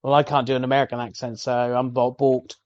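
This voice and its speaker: A man co-hosting a gaming podcast, talking in a hesitant, halting way. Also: mid-range voice, little pitch movement, darkish tone, no echo, highs cut off. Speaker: podcast co-host. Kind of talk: casual chat.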